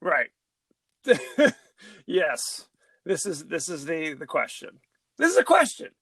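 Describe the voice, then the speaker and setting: High, bright-voiced excitable man. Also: takes it slowly, husky, no room sound. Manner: excitable, laughs often, exclaims. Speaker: podcast co-host. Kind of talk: casual chat.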